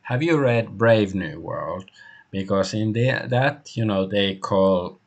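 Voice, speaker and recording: A man's voice: fairly low pitch, takes it slowly, lo-fi sound. A man streaming an old adventure game, musing aloud in hesitant, rambling casual commentary.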